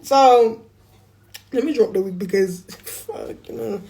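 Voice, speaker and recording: London girl on a phone live, high-ish voice, swears a lot, blunt slangy storytelling. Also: takes it slowly, slight background noise. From England. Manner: blunt and profane, slangy, animated with bursts of laughter. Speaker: influencer on a livestream. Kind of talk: storytime on a livestream.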